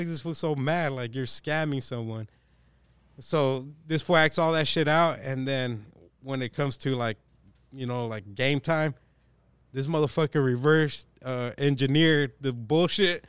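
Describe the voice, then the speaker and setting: A man's voice: on the high side, a little slow, smooth, no echo. A young man hosting a casual podcast chat, animatedly telling a story in slangy, profane talk and acting out the people in it.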